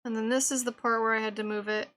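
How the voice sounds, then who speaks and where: High, bright-voiced woman muttering to herself. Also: flat delivery, quick pace. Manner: mutters to herself, exasperated, laughing at her own mistakes. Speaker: streamer. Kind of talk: live-stream self-talk while animating.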